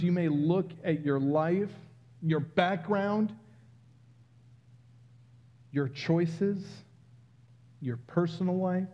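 A man preaching a sermon in a personal, confiding way that builds to loud exclamations. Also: fairly high pitch, dull audio.

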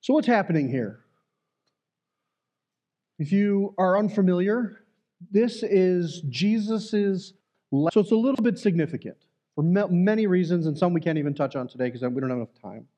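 A man's voice: sits high, lively intonation, moderate pace, warm tone. Earnest male church elder preaching. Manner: earnest, conversational preaching with fillers and restarts. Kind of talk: sermon.

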